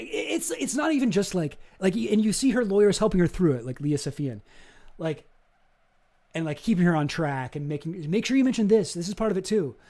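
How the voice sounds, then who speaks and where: A young man on a live stream giving casual commentary, animated and swearing as he gets worked up. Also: sits high.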